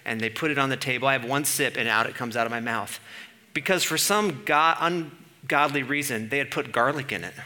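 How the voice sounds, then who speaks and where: A man preaching a sermon in an animated way, asking the room questions and building to emphatic peaks. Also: mid-range voice, a little fast.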